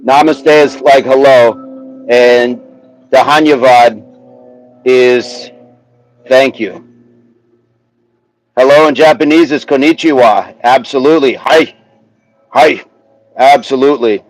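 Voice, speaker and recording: A man hosting a casual livestream outdoors, chatting with his viewers, reading their comments aloud and slowly sounding out words. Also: mid-range voice, faint music behind, low-quality recording. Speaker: livestream host. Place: outdoors, windy, a tree behind him.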